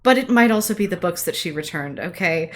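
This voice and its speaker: A woman's voice: lowish voice, animated, brisk, a little hiss or hum. A woman playing a tabletop game, talking casually and hesitantly, with many fillers and trailing sentences. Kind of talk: casual chat.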